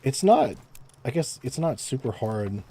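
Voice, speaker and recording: A man's voice: mid-range voice, very animated, a little slow, mellow. A young man chatting casually on a live game stream, stammering, repeating words and laughing often, close to his microphone. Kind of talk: casual live-stream chat while gaming. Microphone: close desk microphone.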